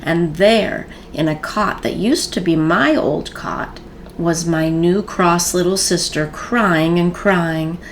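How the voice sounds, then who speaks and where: A woman reading a children's story aloud in a gentle storytelling manner with expressive pauses. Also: lowish voice, a little hiss or hum.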